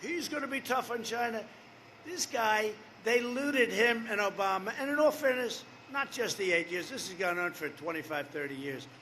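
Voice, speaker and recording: A man's voice: high-pitched, sharp tone, slight background noise. A man in his seventies giving a campaign rally speech, rambling and repetitive, with off-script asides to the crowd. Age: 70s. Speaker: political candidate.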